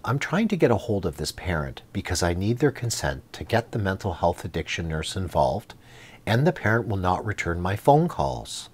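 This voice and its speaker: A man's voice: low-pitched, very animated, moderate pace, husky. A man taking part in a workshop, reading a scenario aloud in a plain, matter-of-fact way. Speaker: workshop participant.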